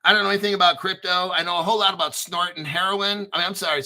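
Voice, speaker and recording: A man's voice: high voice, steady tone, racing, hardly any pauses, bright, forceful tone. A man hosting a casual crypto livestream, rambling and joking with lots of profanity. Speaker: crypto YouTube host.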